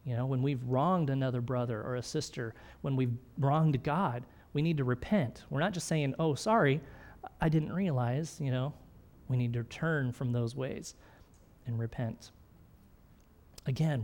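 A man's voice: medium pitch, moderate pace, a little mellow. A middle-aged man preaching a sermon in a conversational way, often checking in with his listeners and laughing lightly. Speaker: pastor.

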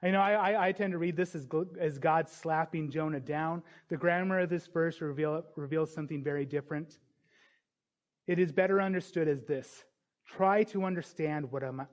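A man's voice: on the high side, moderate pace, dull audio. A man preaching a sermon as pastor, earnest and building to emphatic questions.

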